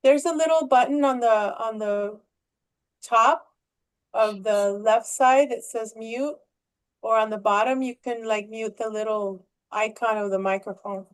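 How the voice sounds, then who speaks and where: A woman's voice: fairly high pitch, unhurried, clean tone. A woman hosting a casual video call, asking friendly questions and chatting about her own experiences. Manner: friendly, asks questions, gives chatty asides. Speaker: host.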